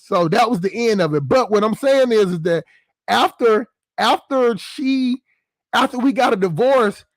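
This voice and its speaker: High-voiced man telling a rambling story. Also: no room sound, clean studio sound. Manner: loose, profane, keeps checking in with the listener. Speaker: channel host. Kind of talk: casual storytelling monologue.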